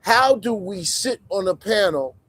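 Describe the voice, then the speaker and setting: A man giving casual livestream commentary in an animated, conversational way, swinging between loud emphasis and muttered asides. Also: high-pitched, measured pace, no echo, low-quality recording.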